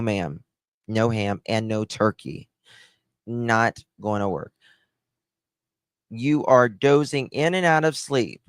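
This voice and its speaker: A man's voice: medium pitch, smooth, no echo, studio quality. A middle-aged man giving casual true-crime commentary to a live chat, blunt and sarcastic, brushing off claims he finds weak.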